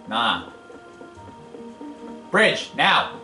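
A man's voice: fairly high pitch, big pitch swings, slow, pauses often, pushed and bright. A man giving casual, rambling gameplay commentary as a let's play host, impatient and wisecracking. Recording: echoey room, game music behind.

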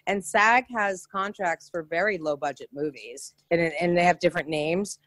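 A woman's voice: on the low side, moderate pace, no room sound. A woman, telling stories as a guest in a casual interview, with many restarts. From New York. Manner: chatty, animated anecdotes with many restarts. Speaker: actress guest.

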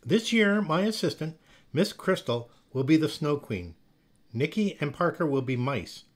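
A man voicing a stern, theatrical woman ballet teacher who gives brisk, dramatic commands while reading a storybook aloud. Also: on the high side, very animated. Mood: commanding.

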